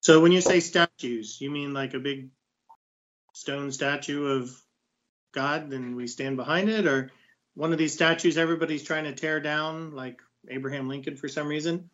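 A man's voice: on the high side, normal speed, muffled recording. A man co-hosting a Bible study program, chatting casually and teasing his partner. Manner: joking, teasing, lively.

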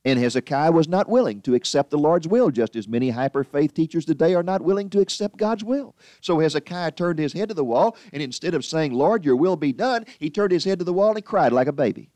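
A man's voice: darkish tone, no echo. Emphatic male preacher, dry sound. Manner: emphatic, swinging pitch for stress, slows on scripture. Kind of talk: sermon.

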